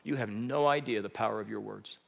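A man preaching a sermon, telling a story with animated, rising emphasis. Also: lowish voice, brisk, creaky. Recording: long hall reverb.

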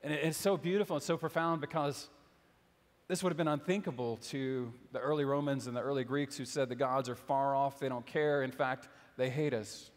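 A young man preaching a sermon as a pastor, conversational and gently humorous, with casual fillers. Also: mid-range voice, steady tone, fairly quick. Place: church sanctuary. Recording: long hall reverb.

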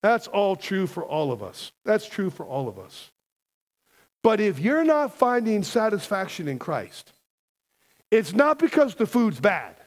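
A man's voice: sits high, huge pitch swings, measured pace. A man preaching a sermon as a pastor, emphatic and conversational, often asking the congregation questions.

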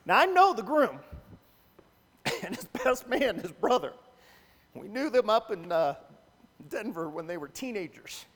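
Pastor, male, high voice, animated sermon storyteller, reverberant church hall. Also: measured pace, pauses often. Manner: animated, acts out quoted voices.

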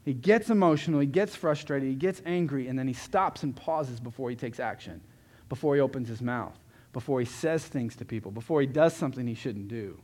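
A man preaching a sermon as a pastor, earnest, often swelling louder and then dropping low for emphasis. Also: a little fast. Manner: earnest, rises and drops in loudness for emphasis.

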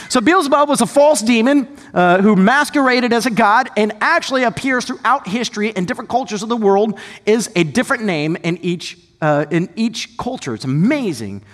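A male pastor preaches in a high, lively voice that leaps up and down as he tells the story. He addresses the congregation casually, with sudden shouts and joking asides, and the long reverb of a church hall rings around him.

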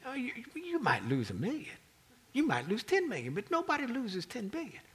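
A stern, wealthy master who scolds his servant harshly and hands out punishment, dropping at times to a hushed, hard whisper, as a preacher puts him on. His voice moves in animated swings. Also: very high-pitched, normal speed, pitched above the performer's own voice, exaggerated voice, low-quality recording.

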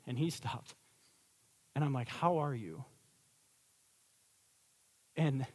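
A middle-aged man preaching a sermon as a pastor, swinging from loud emphatic peaks to a quiet storytelling tone. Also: mid-range voice.

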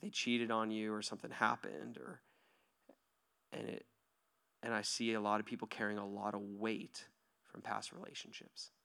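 A pastor in his thirties giving a sermon to his church, lively and joking at first, then soft and hushed as he leads a quiet prayer. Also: lowish voice, moderate pace, vocal fry. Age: 30s. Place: church hall.

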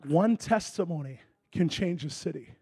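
A man preaching a sermon, telling a story with lively acted-out dialogue that swings from loud excitement to a hushed, intense tone. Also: a little high, moderate pace, husky. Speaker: pastor.

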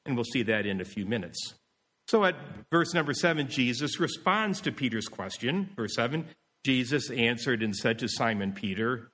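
A man's voice: medium pitch, lively intonation, moderate pace, fairly bright tone, slightly rough. Male pastor, emphatic sermon delivery, repeats his points, long hall reverb. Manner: emphatic, repeats key phrases, acts out quoted voices.

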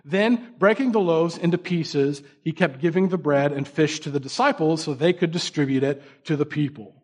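A man's voice: a little high, normal speed. A man giving a casual, conversational sermon, acting out quoted voices with many fillers. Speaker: pastor.

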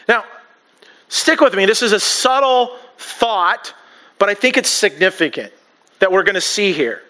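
A man's voice: high voice, animated, a little slow, bright, forceful tone. A married man preaching a sermon in a joking, conversational way, often restarting his sentences. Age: adult, married. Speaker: pastor.

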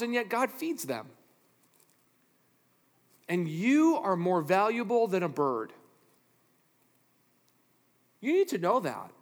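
A man preaching a sermon as a pastor, animated and playful, swinging from loud to hushed with self-deprecating asides. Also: sits high. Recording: reverberant hall.

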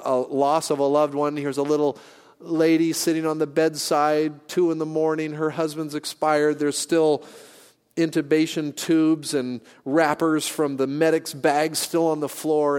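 A middle-aged man delivers a sermon in a church at an ordinary, middle pitch for a man. He talks earnestly and conversationally, pausing and restarting as he goes. His voice trails off into a long hall reverb. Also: a little mellow. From San Francisco Bay Area, California. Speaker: pastor. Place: church sanctuary.

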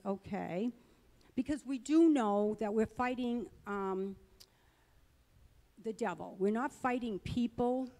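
A woman's voice: on the high side, dark tone, in a large hall. A middle-aged woman giving a personal testimony at church, earnest and conversational, rambling a little as she talks. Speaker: church speaker.

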